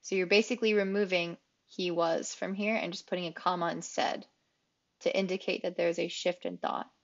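A woman English teacher explaining grammar rules in a clear, explanatory way, repeating key phrases for emphasis. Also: fairly low pitch, steady tone, normal speed, muffled recording. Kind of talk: grammar lesson.

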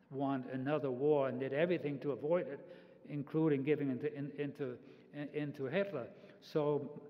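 A man in his eighties giving a public talk as a Holocaust survivor, halting, with frequent restarts and repeated words. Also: fairly high pitch. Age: 80s. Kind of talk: public talk, personal testimony. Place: large event hall. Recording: echoey hall, slightly dull sound.

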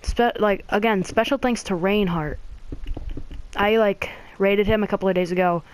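A gaming channel host in a casual thank-you video to subscribers, gushing and filling every pause with "like" and "oh my god". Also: mid-range voice, clear, resonant tone, rough recording. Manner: gushing, filler-heavy, repeats "like" and "oh my god".

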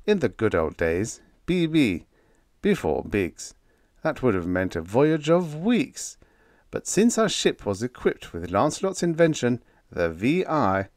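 Animated male audiobook narrator. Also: medium pitch, no echo, studio quality. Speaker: audiobook reader. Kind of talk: scripted narration of a humorous vintage sci-fi story.

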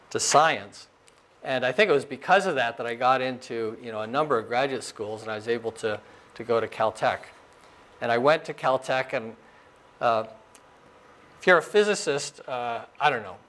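An older man in his sixties tells stories from his career at a mid-pitched voice. He speaks in a loose, chatty way, with plenty of "uh" and "you know" and a little laugh now and then. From Arizona, US. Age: 60s. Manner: relaxed storytelling with fillers and chuckles. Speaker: astrophysicist giving a lecture. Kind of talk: informal lecture. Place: lecture room.

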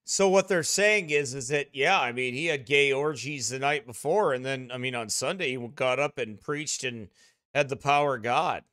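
A man's voice: mid-range voice, normal speed. A male pastor preaching a fiery, mocking sermon. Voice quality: loud, mocking, emphatic.

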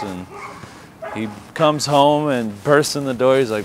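A man telling a funny story about a friend, animated and laughing as he acts out quotes. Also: lowish voice, normal speed, a little hiss or hum. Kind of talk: anecdotal storytelling.

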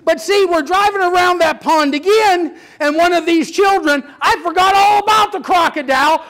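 An older man preaching a sermon, telling stories with lively energy and sudden shouts. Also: extremely high pitch, normal speed, few pauses. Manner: animated storytelling, acts out children's voices, bursts into shouts. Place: church sanctuary.

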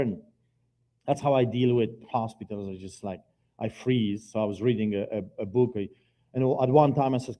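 A middle-aged man tells his testimony from the pulpit of a church. His voice is mellow and warm, and his earnest delivery drops quiet, then surges loud. His pitch sits in the middle. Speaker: guest preacher giving testimony. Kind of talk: personal testimony sermon. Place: church sanctuary, live service.

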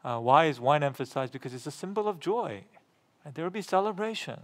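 A man's voice: big pitch swings, fairly quick. A middle-aged pastor preaching a sermon, repeating phrases for emphasis and asking the congregation questions, rising in volume when he reads scripture. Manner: gets louder and higher when reading scripture aloud.

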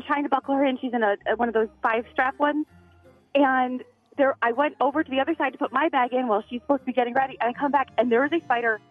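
A woman calling in to a radio show, a mother telling a story in an excitable, emphatic way. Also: sits high, slightly rough. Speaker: caller. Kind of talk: casual storytelling on a call-in show. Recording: tinny phone line.

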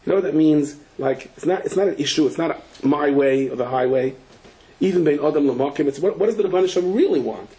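A man, a rabbi, giving a Torah lecture full of stories and Hebrew and Yiddish terms. He tells them with animation and breaks into shouts at the punchlines. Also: fairly high pitch, lively intonation, fast, low-quality recording. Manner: sprinkles Yiddish and Hebrew terms, frequent restarts.

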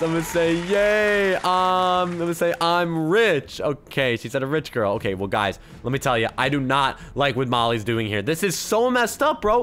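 Excitable, high, lively-voiced man gaming. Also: brisk, clean tone. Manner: excitable, swings from hushed murmurs to loud squeals. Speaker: gaming YouTuber. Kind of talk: Roblox gameplay commentary.

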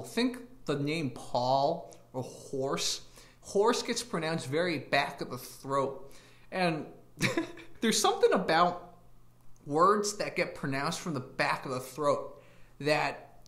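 A man's voice: a little high, fairly bright tone, roomy sound. A man hosting his own channel, rambling through a casual rant to camera and laughing at his own jokes with crude asides. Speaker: YouTube channel host.

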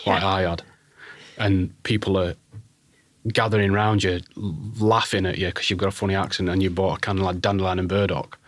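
A man's voice: sits low, little pitch movement, a little fast, no echo. A man from Barnsley with a Yorkshire accent, talking bluntly as an interview guest and swearing freely. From Barnsley, England. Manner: blunt, swears freely, acts out voices in anecdotes. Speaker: guest designer. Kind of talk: casual interview chat.

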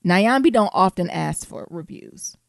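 A woman co-hosting a casual podcast chat, animated, laughing often and singing snatches of songs. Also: on the low side, a little slow, vocal fry, no room sound, clean studio sound. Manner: animated, laughing, breaks into song. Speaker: podcast co-host.

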